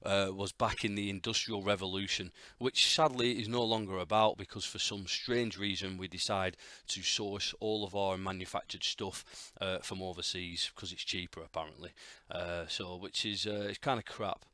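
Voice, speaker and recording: A man's voice: sits low, steady tone, normal speed, sharp tone, dry recording, clean studio sound. A middle-aged man with a Northern English accent, hosting a solo podcast in a rambling, opinionated way, full of fillers and restarts. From North of England. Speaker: podcast host. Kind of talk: casual solo podcast monologue. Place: quiet home room.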